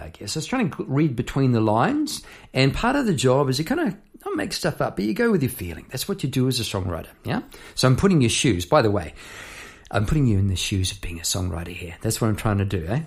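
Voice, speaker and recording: A man's voice: medium pitch, big pitch swings, fast, gravelly. Chatty man explaining his song lyrics. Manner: chatty and rambling, full of asides and tag questions. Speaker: songwriter hosting an episode.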